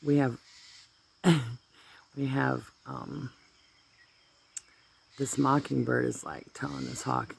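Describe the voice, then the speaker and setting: Stuffed up from allergies, a man vlogs outdoors in his garden using a phone. His medium-pitched, gravelly voice is flat and slow, with long pauses and a little hiss or hum, as he rambles easily and drifts into asides.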